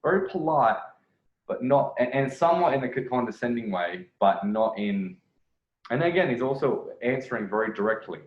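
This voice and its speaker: A man's voice: mid-range voice, lively intonation, moderate pace. A man commenting on a video clip as a dating coach, rambling, correcting himself and repeating phrases. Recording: echoey room, dull lo-fi sound.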